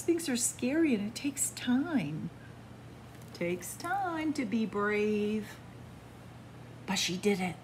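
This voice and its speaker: A woman children's librarian reading a picture book aloud, in a slow, animated storytelling manner. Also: mid-range voice, vocal fry, slight background noise.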